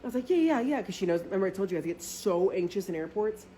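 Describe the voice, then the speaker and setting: A woman's voice: very fast, a little hiss or hum. A woman vlogger telling a casual storytime, chatty and full of filler words and swearing. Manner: acts out quoted friends with lively pitch jumps.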